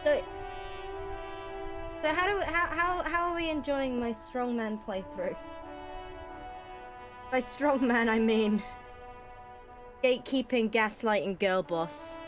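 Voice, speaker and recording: A woman's voice: a little high, expressive, takes it slowly, long pauses, over music. A young woman streaming a game, rambling playfully as she plays. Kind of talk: casual game commentary.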